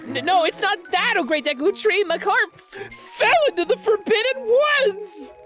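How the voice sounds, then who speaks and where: A woman's voice: lively intonation, moderate pace, a bit bright, faint music behind. A woman voicing a small, child-like forest sprite from a game, crying out in urgent alarm. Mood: panicked. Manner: high, breathless, urgent cries. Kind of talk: voicing game dialogue on stream.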